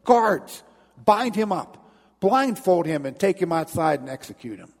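A preacher putting on a proud, outraged emperor who snaps and shouts out orders, his voice rising sharply high on each command. The sound rings with a long reverb through a large church. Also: sing-song, measured pace, exaggerated voice. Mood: indignant. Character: indignant haughty male emperor barking orders.

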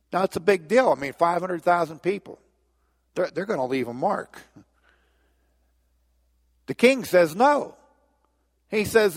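A middle-aged man preaching in a church, telling the story with animated energy and often doubling his "and"s. His voice sits a bit high for a man. A long reverb trails behind every phrase. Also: a little slow, long pauses. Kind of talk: sermon.

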